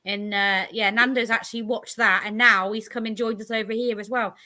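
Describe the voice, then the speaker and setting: A woman's voice: a little high, fairly even intonation, a little fast, bright, forceful tone. A woman being interviewed as a guest on a live chat show, bubbly and self-deprecating, with frequent laughter. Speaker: guest, festival organiser and medium.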